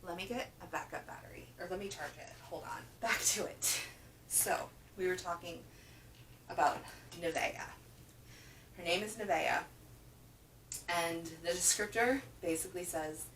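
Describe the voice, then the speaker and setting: A woman chats about what she has been reading in a loose, emphatic way, leaning on repeated words for stress. Her voice sits slightly low. She is picked up from some distance by a camera mic in an echoey room with a faint hum. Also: unhurried, long pauses, a bit bright. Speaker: book reviewer. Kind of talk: casual reading wrap-up chat. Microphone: camera microphone.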